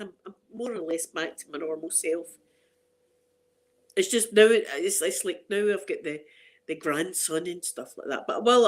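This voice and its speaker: A middle-aged Scottish woman hosting an ASMR channel, chatting casually and rambling to her viewers. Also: lowish voice. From Scotland. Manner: chatty and rambling, with frequent restarts and laughter.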